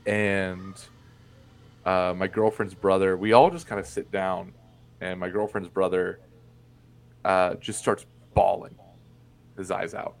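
A young man from Indiana recounts a family story as a podcast guest. His voice sits on the low side, and he talks bluntly, swearing as he goes. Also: measured pace. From Indiana, USA. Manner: candid and blunt, swears freely. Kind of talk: casual storytelling in conversation.

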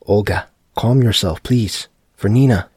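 A man voicing a frightened uncle and father who speaks in a hushed voice with broken English in a dark audiobook story. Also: on the low side, unhurried, breathy edge, no room sound, studio quality. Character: shaken older uncle, protective husband and father.

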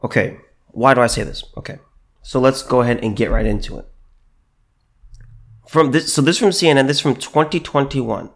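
A man's voice: medium pitch, moderate pace, creaky, pauses often. A man giving opinionated video commentary and reading news aloud, emphatic and repeating himself, with many restarts.

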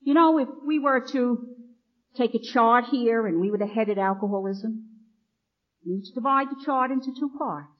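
A fairly high-voiced woman, a nun, speaks to a meeting hall in a lively storytelling way and acts out the people she quotes. The old tape is dull and muffled. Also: normal speed. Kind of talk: personal recovery talk to an audience. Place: meeting hall, addressing an audience. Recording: dull lo-fi archival recording.

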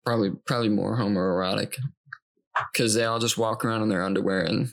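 Gravelly laid-back young man. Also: lowish voice, fairly even intonation, fast. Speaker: podcast co-host. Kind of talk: casual joking chat.

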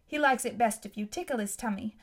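A woman's voice: fairly high pitch, brisk, lightly acted. A woman voicing a breezy cheerful teenage girl. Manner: bright, breezy, laughing.

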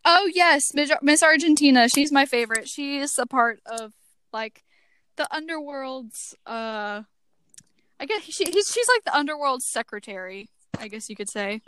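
A woman's voice: sits high, expressive, moderate pace, fairly bright tone. A young woman guest on a casual podcast, rambling with lots of fillers and giggling.

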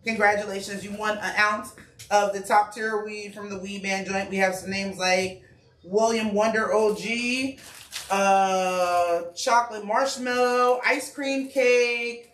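A talkative woman chef runs through promos in an easy, slangy way, often laughing. Her voice is bright and sharp. It comes from some distance off in a roomy, echoing space. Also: mid-range voice, slow pace. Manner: chatty, laughing, relaxed slang. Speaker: chef and restaurant owner. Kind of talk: casual promo chat. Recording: echoey room, mic far off.

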